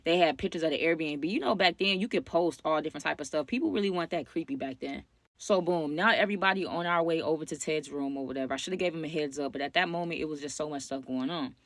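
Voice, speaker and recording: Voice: mid-range voice, fast talker, a bit bright, dry recording. A young adult vlogger telling a wild story to viewers in slangy, casual talk, often turning to address the audience directly. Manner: slangy, talks straight to the audience.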